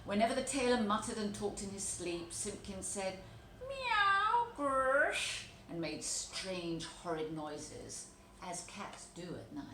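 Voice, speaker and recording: A woman teacher reading a children's storybook aloud, telling it with expressive, animated delivery. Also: fairly low pitch, measured pace. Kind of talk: storybook read-aloud narration. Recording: echoey room, faint background noise.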